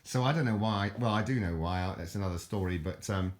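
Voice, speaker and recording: A man's voice: lowish voice, fairly quick. An older man from southern England with a southern English accent, rambling and chuckling as he chats to camera, repeating words and restarting sentences. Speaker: vlogger. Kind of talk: rambling casual chat to camera.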